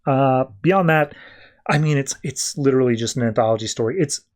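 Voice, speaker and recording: A man's voice: mid-range voice, fairly quick, darkish tone. A man hosting a podcast, recapping a comic book issue in a loose, conversational way full of "like" and "uh". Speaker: podcast host.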